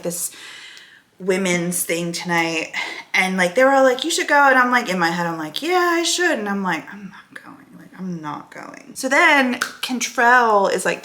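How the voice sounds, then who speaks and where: A woman's voice: medium pitch, a bit bright. A woman, chatting casually to her phone camera in a rambling way, full of "like" and "right?". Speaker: vlogger.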